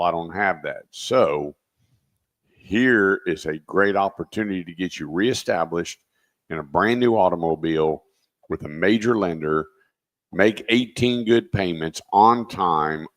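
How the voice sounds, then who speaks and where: A man co-hosting a radio show on car finance, plainspoken, telling stories about customers and clearing his throat. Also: sits low, dry recording, studio quality. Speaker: auto finance co-host. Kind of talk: casual radio talk. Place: radio studio. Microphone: studio microphone.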